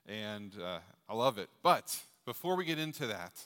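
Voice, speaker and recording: Middle-aged pastor guy cracking jokes from the pulpit, bright punchy voice, church reverb trailing off. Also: lowish voice, very animated, moderate pace. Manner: jokey, chatty, asks the crowd questions. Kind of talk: sermon with jokes. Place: church sanctuary with long reverb. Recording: long hall reverb from a church.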